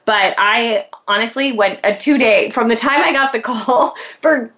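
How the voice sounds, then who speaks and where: A woman hosting a casual interview, chatty and quick to laugh. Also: on the high side, a bit bright. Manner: chatty, with frequent laughs and fillers. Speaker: host. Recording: dull lo-fi sound.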